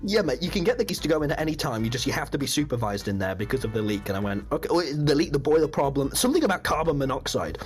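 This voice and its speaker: An excitable young man spins a rambling story on his stream, his voice leaping all over the place. He laughs a lot and squeaks up high at the dramatic parts. Soft music plays underneath. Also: rapid-fire, hardly any pauses. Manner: excitable, laughs often, voice jumps up when recounting shocks.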